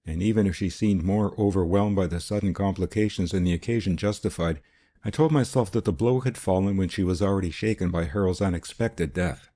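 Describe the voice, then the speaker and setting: A man narrating an audiobook in the first person, measured and formal. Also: low-pitched, dark tone.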